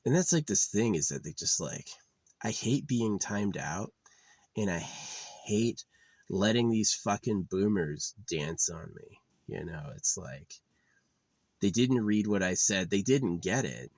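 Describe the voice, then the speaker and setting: A man's voice: on the low side, expressive, takes it slowly, a little mellow, no echo. A man ranting profanely in a casual monologue, exasperated and mocking the people he argues with. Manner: profane, exasperated, mocks others in put-on voices. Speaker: vlogger.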